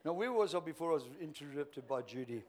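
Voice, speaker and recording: An older pastor preaches in a joking, rambling way. His voice sits high for a man, and he drifts off into stories. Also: lively intonation, fast, noisy background. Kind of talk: sermon storytelling.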